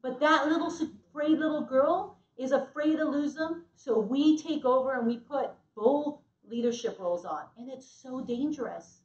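A woman's voice: sits high, moderate pace, hardly any pauses, a little mellow, reverberant, far from the mic, dull audio. A woman co-teaching a church marriage class, earnest and emphatic, acting out what couples say. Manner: earnest, emphatic, acts out quotes.

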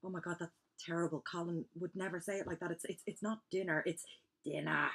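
A comic actor playing an obsessed, scheming young woman who talks breathlessly and often drops to hurried whispered asides. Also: on the low side, little pitch movement, close to an everyday voice. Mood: manic. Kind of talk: comedy sketch.

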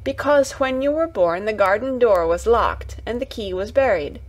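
A woman's voice: fairly high pitch, animated, normal speed, poor audio. A woman voicing a curious, wary ten-year-old girl who speaks carefully and a little nervously, read from a storybook. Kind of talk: storybook reading.

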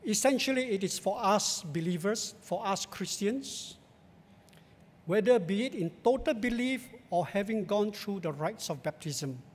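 Male Singaporean pastor, high voice, measured emphatic sermon in a church. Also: animated, husky. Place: large church sanctuary. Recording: long church hall reverb.

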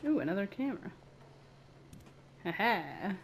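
A woman's voice: mid-range voice, very animated, a little slow, creaky, slight background noise. A woman giving casual let's-play commentary, playful and giggly as she chats to herself. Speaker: gaming video creator.

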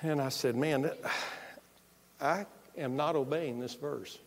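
A man preaching a sermon as a pastor, telling a personal story in an animated way and acting out what he and others said. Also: on the high side, measured pace, slightly rough. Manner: storytelling, animated, quoting himself. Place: church sanctuary. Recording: long reverb of a church hall.

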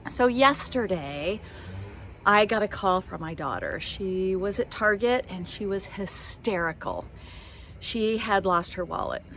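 A woman's voice: mid-range voice, lively intonation, a little slow, fairly bright tone, slight background noise. A middle-aged woman vlogging, telling a personal story to camera in a heartfelt, emotional way.

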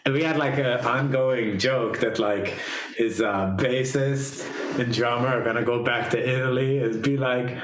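Crude joking podcast host. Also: male voice, mid-range voice, fairly even intonation, measured pace, roomy sound, a little hiss or hum, low-quality recording. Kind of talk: casual chat.

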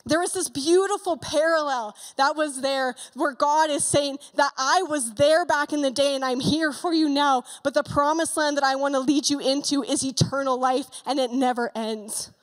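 A woman pastor preaching a sermon, retelling a story vividly with excited asides. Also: sits high, moderate pace, hardly any pauses, in a large hall, poor audio. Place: church sanctuary.

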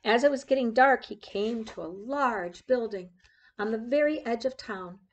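Her voice sits on the high side and moves at a moderate pace as she reads a picture book aloud. She tells the story expressively, pointing to the pictures as she reads.

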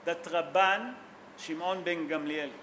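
A rabbi delivers a sermon in a high, bright voice, telling stories with feeling and putting questions to his audience. He speaks English as a non-native speaker, with simple grammar. A faint noise sits under the recording. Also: unhurried. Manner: emotional storytelling, asks the audience questions.

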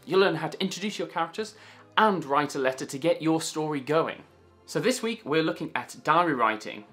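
A man's voice: fairly high pitch, animated, a little fast, a bit bright, soft background music. Upbeat man teaching kids to write. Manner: upbeat, chatty, playful. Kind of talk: kids' writing lesson.

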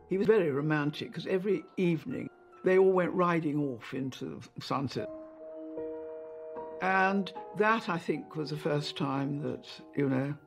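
An older woman being interviewed, telling old memories in a chatty way with fillers. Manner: chatty storytelling with fillers, lively pitch when quoting others. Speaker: interviewee, royal lady-in-waiting. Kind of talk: reminiscing interview.

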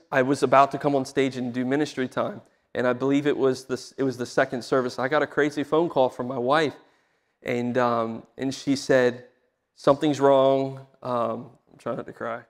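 A man's voice: mid-range voice, little pitch movement, moderate pace. A young adult man preaching a sermon as a pastor, telling personal stories with rising emotion. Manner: emotional storytelling, voice swelling when stirred. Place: church sanctuary. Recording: hall with long reverb.

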